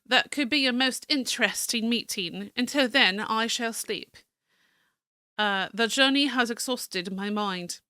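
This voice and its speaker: A woman's voice: mid-range voice, normal speed, bright, forceful tone, clear, resonant tone, dry recording, studio quality, lightly acted. A woman voicing a stiff, proud male cartographer, reading his journal aloud in a formal, slightly fancy manner with small stumbles. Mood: curious.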